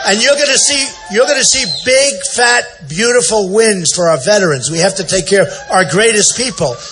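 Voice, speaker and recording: Over music, a man in his sixties running for office speaks at normal speed in a high, animated voice. His unscripted rally speech in a big indoor event center is full of repetition, boasting and frequent shout-outs to the audience.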